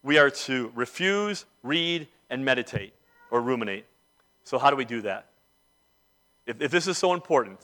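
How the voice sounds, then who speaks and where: A pastor preaching a sermon, moving between quiet reflection and emphatic, rising declarations. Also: male voice, mid-range voice, expressive, moderate pace. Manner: emphatic preaching, swinging between soft and loud.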